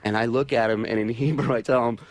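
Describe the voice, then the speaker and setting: A man's voice: medium pitch, fairly even intonation, quick pace. A man telling an exasperated, profane story as a guest on a radio talk show.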